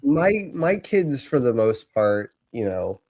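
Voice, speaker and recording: Slow, relaxed podcast dad. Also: male voice, medium pitch. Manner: relaxed, easygoing listener who chimes in. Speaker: podcast co-host. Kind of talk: casual chat.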